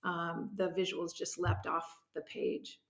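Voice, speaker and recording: A woman in her fifties, a history professor, chatting warmly and with enthusiasm as a guest on a podcast. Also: lowish voice, completely flat delivery, measured pace, vocal fry. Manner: warm and enthusiastic, with some "um" fillers. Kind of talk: casual interview chat. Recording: echoey room.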